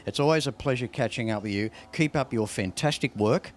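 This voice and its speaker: A man's voice: medium pitch, brisk, slight background noise. An Australian man hosting a motoring show, talking and narrating with enthusiasm. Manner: enthusiastic, lively presenter delivery. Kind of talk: presenter narration. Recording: music bed underneath.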